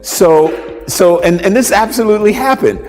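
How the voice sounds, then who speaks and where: A man's voice: high voice, normal speed, long reverb tail, soft background music. A man acting as a motivational speaker, telling a story in a conversational way and checking in with his listeners. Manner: conversational storyteller, asks "right?". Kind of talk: spoken storytelling.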